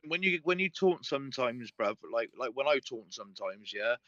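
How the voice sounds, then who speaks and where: Bright emphatic man, muffled sound. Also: mid-range voice, animated, moderate pace, no room sound. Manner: emphatic, repeating points, slangy. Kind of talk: casual chat.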